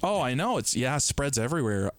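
A man's voice: mid-range voice, very animated, quick pace, no echo. Jokey man riffing on a podcast. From Michigan. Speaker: podcast co-host. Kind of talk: casual podcast banter. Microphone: remote recording software.

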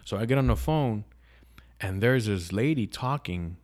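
A man's voice: fairly low pitch, lively intonation, normal speed, darkish tone. A man telling a personal story as a podcast guest, casual and profane, with lots of restarts. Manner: profane, rambling, with frequent restarts.

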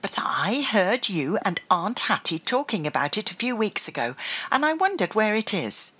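A woman's voice: medium pitch, sing-song, moderate pace, sharp tone, breathy edge, voice pushed up, heavily acted. A woman voicing a curious young girl who asks earnest questions.

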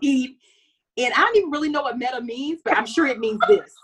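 A woman co-hosting a casual chat about a TV show, expressive and dramatic, laughing a lot. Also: high voice, a little fast. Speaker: podcast co-host.

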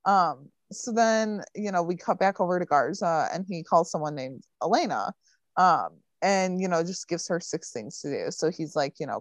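A woman's voice: lowish voice, animated, normal speed, no echo. Chatty woman recapping a TV episode. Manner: chatty, lots of fillers like "um" and "like". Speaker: podcast co-host recapping a TV episode. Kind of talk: casual recap chat.

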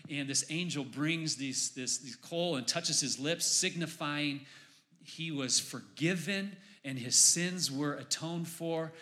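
A pastor preaching a sermon in church, building to emphatic, raised exclamations on key points. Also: male voice, on the high side, slow, sharp tone.

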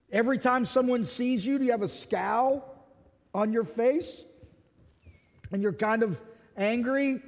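A man preaching a sermon as lead pastor, telling animated stories, acting out quoted voices and asking his listeners question after question. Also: high-pitched, long reverb tail.

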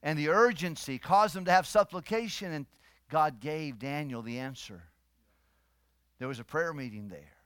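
A man in middle age preaches with fervor, dropping low and quiet, then rising loud and emphatic. His voice sits a little high for a man. The sound is dry and close, with no room around it. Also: normal speed, clear, resonant tone, dry recording. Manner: emphatic preaching, swings between soft and loud. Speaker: pastor. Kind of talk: sermon.

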